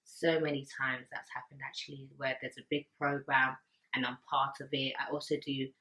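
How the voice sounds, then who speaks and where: A young woman from the UK talking earnestly and emotionally to camera, pausing often and repeating words. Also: very deep voice, level tone, bright, forceful tone, rough recording. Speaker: vlogger. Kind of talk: personal talk to camera.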